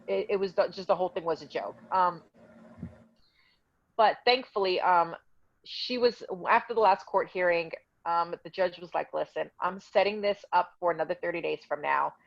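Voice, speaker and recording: A woman's voice: on the low side, moderate pace, gravelly, no echo, dull audio. A woman telling her own story in a casual interview, heated and indignant as she recounts dialogue.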